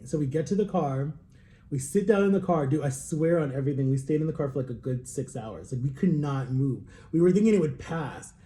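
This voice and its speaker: A young man casually telling a story while tasting wine, animated, acting out quotes with jumps in pitch. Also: reverberant. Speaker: vlogger.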